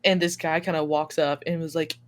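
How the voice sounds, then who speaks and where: A young woman telling stories as a podcast guest in casual chat, animated and laughing often, acting out the people she quotes. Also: low voice, fairly quick.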